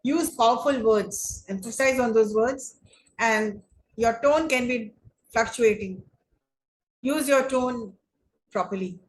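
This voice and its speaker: Woman, English teacher, online lesson; unhurried, repetitive phrasing, slightly high voice. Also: a little hiss or hum, rough recording. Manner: slow, deliberate, repeats and rephrases points. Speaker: English lecturer. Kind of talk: online class lecture on debating.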